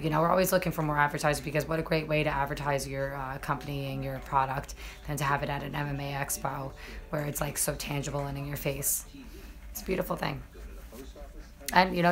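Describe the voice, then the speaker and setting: A woman's voice: deep voice, flat delivery, fast. A young woman, chatting casually and cursing as she talks to viewers on a live stream. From New York.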